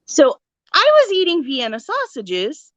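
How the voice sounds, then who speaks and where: A woman co-hosting a true crime podcast in casual chat, an animated storyteller who acts out voices. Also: sits high, a little slow, no room sound, dull audio. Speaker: podcast co-host.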